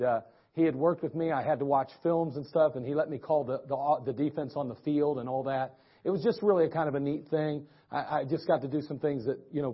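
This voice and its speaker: A man's voice: fairly high pitch, slightly rough. A male pastor from preaching a sermon, telling a personal story in a folksy way with frequent restarts. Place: church sanctuary. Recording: dull lo-fi church recording.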